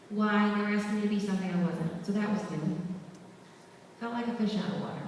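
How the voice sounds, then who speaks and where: A young woman giving a motivational talk to students at a school, telling her story in a lively, chatty way with asides to the crowd. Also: medium pitch, slight background noise. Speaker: guest speaker at a school. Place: school hall. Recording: echoey hall from far off.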